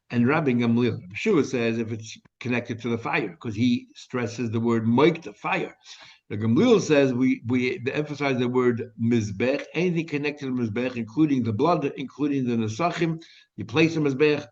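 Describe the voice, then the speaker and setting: A man's voice: mid-range voice, a little mellow, dull audio. A male rabbi giving a daily Talmud lesson, explaining step by step and asking and answering his own questions.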